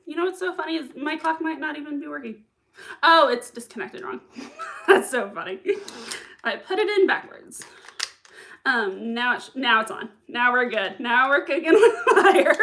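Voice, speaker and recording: A young woman runs a laid-back livestream, giggling and chattering bubbily as she reacts to a TV episode and reads chat messages out loud. Her voice sits high, pushed and bright, picked up by a desk mic while she wears earbuds.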